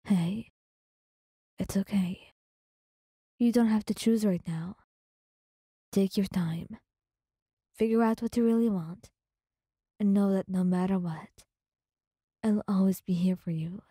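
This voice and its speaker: A woman voicing a cocky, sarcastic young man with a dark edge, in a soft whispered role-play. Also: mid-range voice, slow, long pauses, breathy edge, no room sound, clean studio sound. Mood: tender. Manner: scoffing, sarcastic.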